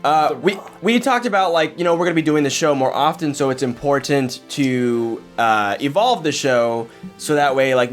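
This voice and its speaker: Man, podcast host, casual chat, rambling, lots of ums and likes, soft music underneath. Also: medium pitch. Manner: rambling, filler-heavy, self-interrupting.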